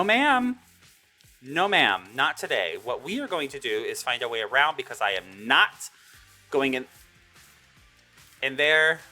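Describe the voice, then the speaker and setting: Excitable young woman gaming host. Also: extremely low pitch. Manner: excitable, dramatic exclaiming reactions. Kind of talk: survival game commentary.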